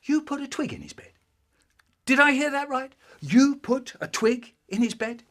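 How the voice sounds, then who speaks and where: A man voicing an exasperated father who scolds in loud disbelief and repeats himself. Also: extremely high pitch, very animated, normal speed, pitched above the performer's own voice, heavily acted. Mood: incredulous.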